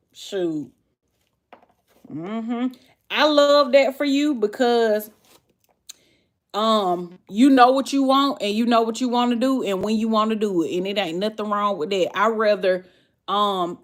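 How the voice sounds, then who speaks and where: A woman's voice: mid-range voice, a little slow. Chatty Southern woman streaming live. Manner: chatty, reads and answers viewers' comments. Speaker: livestream host. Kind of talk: casual livestream chat.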